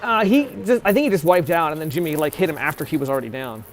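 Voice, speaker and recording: A man's voice: on the high side, animated, quick pace. A man giving casual play-by-play of a youth hockey game, chatty and often correcting himself on player names. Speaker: amateur play-by-play commentator. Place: ice rink.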